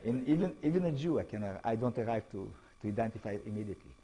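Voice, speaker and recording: A man with an Israeli accent lecturing as an author, speaking halting English and often checking in with tag questions. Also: lowish voice, expressive, dark tone, poor audio. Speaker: author giving a talk. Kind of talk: lecture to an audience.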